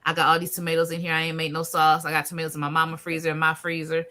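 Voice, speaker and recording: A woman hosts a relaxed garden chat, her voice bright and forceful, pitched a touch low. She drawls through homespun slang and laughs easily. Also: very fast. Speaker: podcast host. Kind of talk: casual chat.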